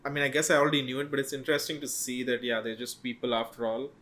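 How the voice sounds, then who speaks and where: A man co-hosting a podcast, giving his film opinions in a relaxed, slightly halting way. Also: mid-range voice. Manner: relaxed, thoughtful, a little halting. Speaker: podcast co-host. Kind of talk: casual film discussion.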